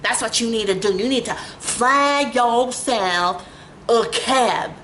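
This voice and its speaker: A woman's voice: a little high, slow, fairly bright tone, echoey room, a little hiss or hum. A woman voicing a curt, impatient female phone dispatcher who repeats herself in a scolding tone. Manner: repetitive, scolding, clipped.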